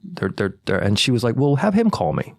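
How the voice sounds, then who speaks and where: A man's voice: medium pitch, brisk, gravelly, dry recording. A young man tells a story on a podcast and acts out every voice in it. He swears freely and keeps the chat loose and casual. His voice is recorded close and dry, with no room sound at all. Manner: animated storyteller acting out quotes, swears freely. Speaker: podcast co-host.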